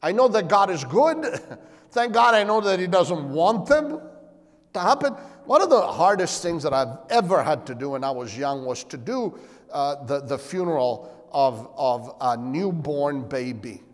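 A man preaching a sermon as pastor, asking rhetorical questions and calling for amens. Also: a little slow. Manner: animated, shifting pitch and volume. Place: church sanctuary. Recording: long hall reverb.

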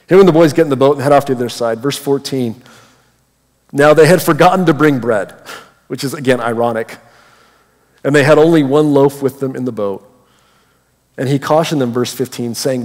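Animated male pastor in a reverberant hall. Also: medium pitch, fairly quick. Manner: animated, acts out voices of Bible figures. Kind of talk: sermon. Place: church hall.

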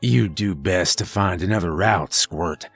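A grizzled old trucker, as a man puts him on, drawls slow, folksy warnings in a low voice. He sounds crude and weathered, a diner regular in a spoken horror story. Faint music plays under him. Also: creaky, fairly bright tone, slightly rough, exaggerated voice.

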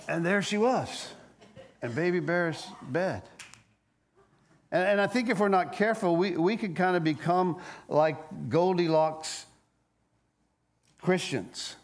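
A man preaching a sermon as a pastor, telling a story with lively energy and frequent stammered restarts. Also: fairly high pitch.

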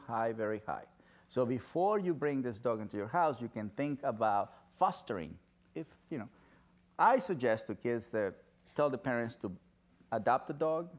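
A man giving an animated storytelling talk at an event, now and then acting out excited dog lovers in high squealing voices. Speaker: dog behaviorist speaker. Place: event stage.

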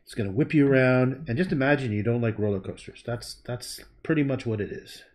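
A man's voice: mid-range voice, brisk, darkish tone. A man painting on a livestream, thinking aloud in a rambling way, humming and murmuring to himself between sentences.

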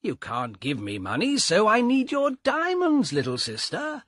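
Man doing a greedy sneering young guy, slow and drawn out, husky, dry close sound, storybook. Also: high voice, wildly swooping pitch, a bit bright, no room sound, voice pushed up, exaggerated voice. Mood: taunting. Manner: slow taunting put-on voice. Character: greedy mocking young man, cold smile.

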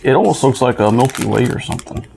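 Very low-voiced woman, lively reactions. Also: fast, creaky, slight background noise. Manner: short reactions, repeats herself. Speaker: co-host of snack tasting channel. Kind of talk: casual tasting chat.

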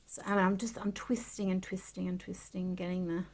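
A woman artist chatting casually to camera as she draws and shows her art supplies, excitable and talking to herself, sometimes dropping to a soft whisper. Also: medium pitch, fairly quick, gravelly, hardly any pauses. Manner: chatty, excitable, talks to herself while drawing. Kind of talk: casual art tutorial chat.

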